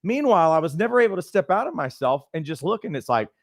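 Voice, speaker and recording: A middle-aged man and life coach trainer who teaches through animated, conversational personal stories. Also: a little high, fast, no echo, studio quality. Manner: conversational, lots of fillers and restarts, animated storytelling.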